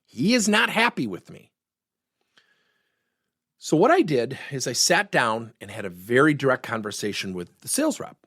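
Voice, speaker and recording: A middle-aged man, a workplace coach, teaching through an animated story and acting out the voices of the people in it. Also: mid-range voice, moderate pace, pauses often, breathy edge, no echo, studio quality. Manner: animated, acts out the voices in his stories.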